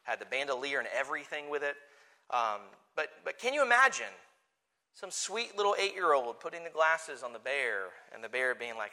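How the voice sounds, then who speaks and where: A man preaching a sermon, moving from quiet conversational asides to loud, forceful declarations. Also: a little high, normal speed. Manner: animated, swings from soft asides to forceful declarations. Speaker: pastor.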